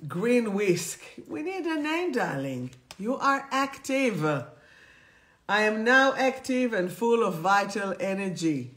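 A woman's voice: medium pitch, fairly bright tone, a little hiss or hum. A woman hosting a live stream, reading affirmation cards to viewers and repeating them, often laughing.

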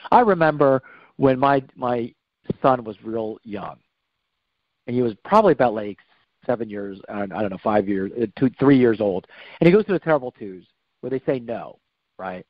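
Lively middle-aged man giving preachy talk. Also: medium pitch, no echo. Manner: animated, preachy, repeats "okay?" and "you know". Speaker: guest speaker. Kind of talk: casual faith-based life talk. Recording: dull lo-fi dry recording.

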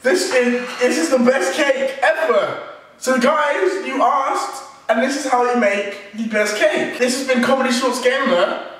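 A man hosting a comedy vlog, excitable and exaggerated, swearing freely. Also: very high-pitched, unhurried. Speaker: YouTube host. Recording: echoey room, distant mic, background music.

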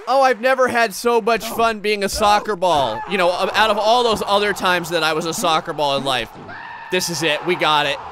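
A man excitedly commentating his own gameplay, often shouting and laughing at what happens on screen. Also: sits high, normal speed, crowd noise. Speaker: gaming channel host.

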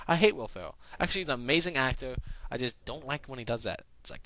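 A young man vlogging a rambling comedic rant, swearing and bursting into shouts. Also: medium pitch, quick pace, a little hiss or hum.

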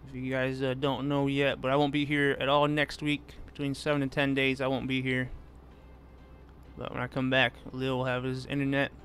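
A man's voice: mid-range voice, completely flat delivery, moderate pace, a bit bright, soft background music. A man casually chatting with his viewers while he plays a truck-driving game, reading their messages and answering them by name. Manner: laid-back, reads chat aloud and answers viewers. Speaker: gaming streamer. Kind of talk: casual live-stream chat while driving.

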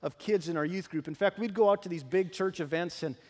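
A man preaching in a church, his fairly high voice ringing with a long reverb off the sanctuary walls. He tells lively, humorous stories about his family to the congregation. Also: a little fast. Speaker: pastor. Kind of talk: sermon with personal stories.

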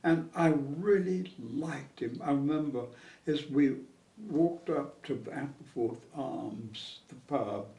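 An older man with a gravelly, mellow voice tells his memories slowly, stopping often to search for words. He sounds a little far from the mic, in an echoey room. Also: medium pitch. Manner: hesitant storyteller, many pauses and fillers. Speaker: interview guest. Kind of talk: reminiscing conversation.

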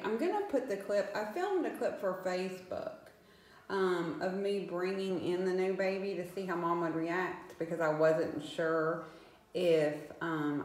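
A woman's voice: lowish voice, a little mellow, very echoey, low-quality recording. A woman rescuing cats, chatting casually and rambling at home, now and then cooing baby talk to the animals. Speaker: cat rescuer vlogging. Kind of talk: casual chat. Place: room in a house.

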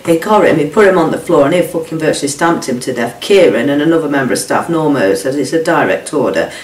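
Quick and low with a darkish tone, this middle-aged woman, a whistleblower guest, delivers a raw, emotional first-hand account, swearing freely and acting out quoted speech. The sound comes from an echoey room through a distant mic.

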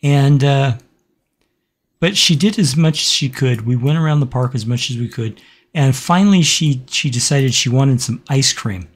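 Guy telling a story over his game footage, kinda halting, lots of ums, ordinary pitch. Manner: halting and reflective, with many pauses and fillers. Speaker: gaming channel host. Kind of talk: casual let's-play commentary with a personal story.

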